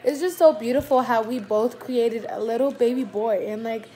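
A woman's voice: fairly high pitch, moderate pace, dark tone, faint music behind. A young woman vlogger in a casual Q&A chat, teary and emotional, gushing with constant "like" fillers.

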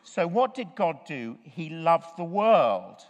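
A man's voice: fairly high pitch, sing-song, slow pace, dull audio. A man preaching a sermon in church, telling stories with humour and putting questions to the congregation. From Chile, raised in Africa. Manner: storytelling, humorous, asks the congregation questions. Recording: long reverb of a church hall.

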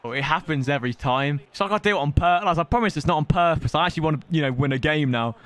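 A young man commentating live on a video game he is playing, excitable, teasing his opponent and breaking into shouts. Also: on the high side, racing.

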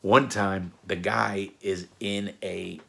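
A man's voice: sits low, fairly even intonation, takes it slowly, gravelly, fairly bright tone. A man casually telling prison stories from his own past, blunt and profane, acting out the quoted dialogue. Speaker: former jewel thief telling prison stories. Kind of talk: casual storytelling.

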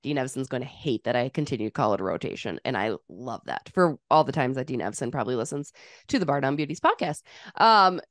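A woman's voice: a bass voice, lively intonation, fast talker, no room sound, clean studio sound. A woman hosting a sports podcast, chatting casually with a playful, teasing and opinionated manner. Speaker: podcast host.

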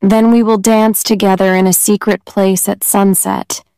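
A woman reading the part of an eager, naive young fisherman in a storybook, speaking slowly and earnestly. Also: mid-range voice, little pitch movement, dark tone, smooth, dry recording, close to an everyday voice.

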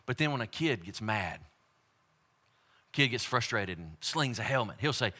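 A man preaching a sermon as pastor, moving from quiet, joking asides to loud, emphatic repeated lines. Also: medium pitch, expressive, normal speed.

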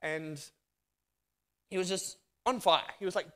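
A man's voice: high voice, measured pace, pauses often. Australian man telling a sermon story. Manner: lively storyteller, acting out dialogue. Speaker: guest speaker.

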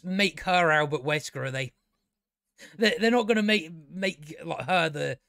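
A man chats his way through an episode review in a slightly high voice. He rambles, restarts his sentences and swears offhandedly. The recording is close and dry, with no room sound. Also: fairly bright tone, no room sound. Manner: chatty, frequent restarts, swears casually. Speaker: TV review channel host.

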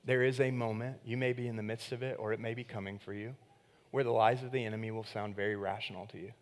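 A pastor preaching a sermon in a conversational, animated way, acting out quoted voices and swinging between loud emphatic bursts and quiet, hushed lines. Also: male voice, fairly low pitch, quick pace.

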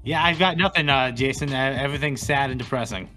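A man's voice: medium pitch, quick pace, sharp tone, faint music behind. A man playing a tabletop game in character, joking and goofy. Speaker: player.

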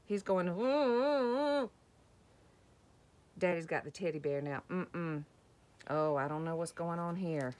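A woman reading a picture book to young children, gentle and slow, asking questions about the pictures. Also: sits low, steady tone. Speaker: children's story time reader.

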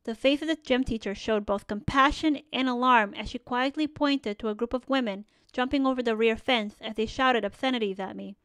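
A woman's voice: on the high side, a bit bright, clear, resonant tone, dry recording. Earnest woman reading a memoir. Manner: earnest, measured storytelling. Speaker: audiobook narrator. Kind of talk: first-person memoir reading.

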